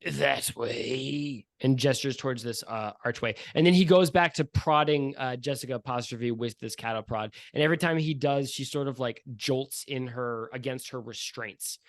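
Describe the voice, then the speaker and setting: A man's voice: mid-range voice, moderate pace, few pauses, dry recording. A man narrating a tabletop game as game master, descriptive and loose, with many fillers. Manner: descriptive, with frequent "um" and "like".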